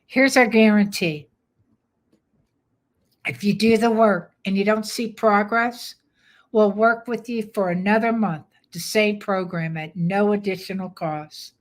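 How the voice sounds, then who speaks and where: An older woman dog trainer giving a live webinar pitch, firm, direct and plainspoken. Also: fairly even intonation, measured pace.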